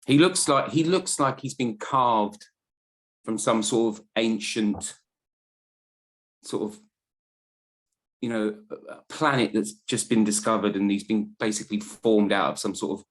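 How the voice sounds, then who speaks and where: A man's voice: fairly low pitch, unhurried, pauses often. A man in casual podcast chat, telling rambling, self-deprecating stories as a panelist.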